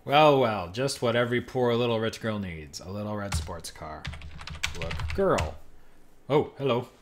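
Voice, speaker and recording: A man's voice: fairly low pitch, a little slow, background noise. Wry man narrating his game playthrough. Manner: wry, reads game text aloud with amused asides. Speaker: podcast host playing a game. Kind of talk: casual let's-play commentary.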